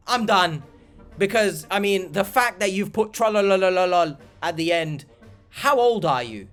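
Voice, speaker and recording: Young male vlogger, high-pitched, sarcastic and exasperated, faint music underneath. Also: expressive, unhurried, a bit bright. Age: young adult. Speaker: YouTuber reacting to comments. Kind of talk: casual reaction vlog.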